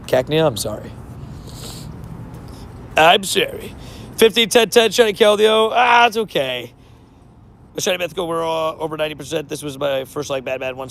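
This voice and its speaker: Chatty man with a gravelly, fairly high voice. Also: fairly bright tone, a little hiss or hum. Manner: chatty, laughs often, trips over words. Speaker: mobile game streamer. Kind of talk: casual live-stream chat with viewers.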